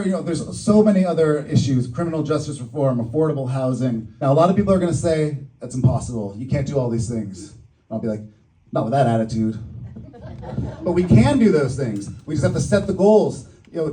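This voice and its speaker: Joking candidate at a stump speech. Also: male voice, a little high, mellow, recorded from a distance, poor audio. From Boston. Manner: joking, upbeat campaign delivery. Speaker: political candidate. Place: community event hall.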